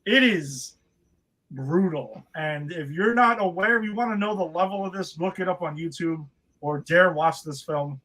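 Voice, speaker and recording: A man's voice: on the high side, normal speed, a bit bright, rough recording. A man, co-hosting a casual movie podcast and talking bluntly with plenty of swearing. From New York. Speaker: podcast co-host.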